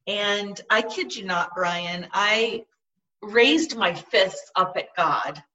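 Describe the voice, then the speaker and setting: Woman, middle-aged, earnest halting storyteller, bright tense tone, a bit off-mic. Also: medium pitch, far from the mic, rough recording. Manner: earnest, halting, with frequent restarts. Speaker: guest. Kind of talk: personal storytelling in conversation.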